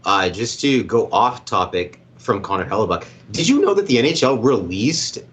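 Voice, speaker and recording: A man's voice: fairly low pitch, very animated, normal speed, a bit bright. A man with a Canadian accent co-hosting a sports show, chatty and agreeable, jumping between topics. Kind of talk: casual sports talk.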